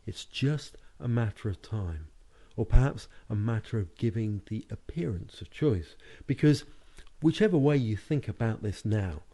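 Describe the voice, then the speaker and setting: Calm, deep-toned British man teaching. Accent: British English. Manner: slow, deliberate, hypnotic phrasing with marked words. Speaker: hypnotherapy and NLP trainer. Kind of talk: recorded lesson narration over slides.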